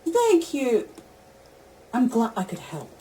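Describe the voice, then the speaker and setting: A synthetic female voice of an AI assistant giving even, stilted spoken replies. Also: on the high side, slow pace, rough recording. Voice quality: even, stilted text-to-speech delivery.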